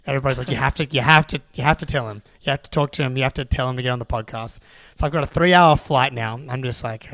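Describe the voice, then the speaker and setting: Excitable young Australian man telling a story. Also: mid-range voice, fast talker, hardly any pauses, no echo. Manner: excitable, rambling with many restarts. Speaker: podcast co-host. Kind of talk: casual storytelling.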